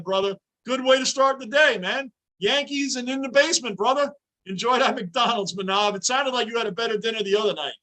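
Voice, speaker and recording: A man hosting a livestream from his home basement, reacting to a hockey game and greeting viewers in chat, often yelling at the play. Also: sits high. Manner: excitable, yells at the game. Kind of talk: live game reaction with chat shout-outs.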